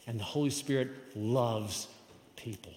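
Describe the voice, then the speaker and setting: A man's voice: mid-range voice, unhurried, a little mellow. A man giving a sermon as pastor, emphatic and conversational. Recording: echoey hall with long reverb.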